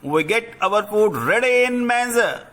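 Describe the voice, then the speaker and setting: Man reading a calm farm horse for a children's lesson, high-pitched. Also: measured pace. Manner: plain reading voice.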